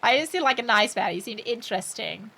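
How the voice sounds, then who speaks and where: Brief: a relaxed woman streamer, joking through a story game, voice on the high side. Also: brisk, gravelly. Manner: chatty, joking, reads game text aloud. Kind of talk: casual gameplay commentary.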